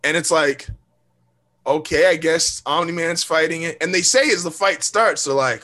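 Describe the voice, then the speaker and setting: A man co-hosting a podcast, telling a story in a casual, animated, profane way and acting out quoted lines. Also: fairly high pitch, moderate pace. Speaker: podcast co-host. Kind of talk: casual chat.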